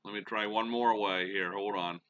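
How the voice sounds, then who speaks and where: A man's voice: on the low side, fairly even intonation, moderate pace, fairly bright tone, highs cut off. A middle-aged man hosting a gaming channel, calling a baseball sim game play-by-play and muttering to himself with folksy exclamations.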